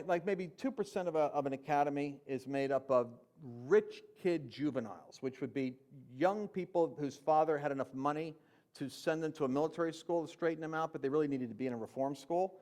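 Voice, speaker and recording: A man with a fairly high voice recounts his own conversion story as a Christian speaker. His delivery is lively and conversational. He jumps between loud, emphatic moments and hushed, low asides. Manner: conversational with fillers and slang. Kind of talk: personal testimony storytelling.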